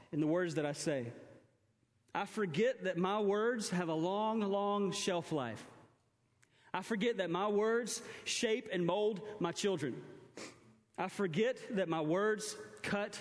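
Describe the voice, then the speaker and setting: A man's voice: sits high, long reverb tail. A young man preaching a sermon to a congregation, telling stories and acting out his daughter's and his own words. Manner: storytelling, mimics his baby daughter and himself. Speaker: pastor.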